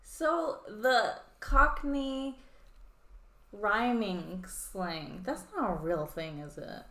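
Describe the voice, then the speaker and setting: A woman's voice: mid-range voice, very slow, pushed and bright. Teasing woman co-hosting a livestream. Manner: teasing, chatty, questioning. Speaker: livestream co-host. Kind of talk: casual livestream chat.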